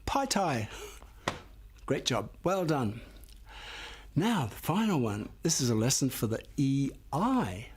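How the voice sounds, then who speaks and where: A man's voice: medium pitch, sing-song, measured pace, darkish tone, husky. An older man teaching a phonics lesson, patiently sounding out words one at a time and encouraging the learners. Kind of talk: slow classroom phonics lesson.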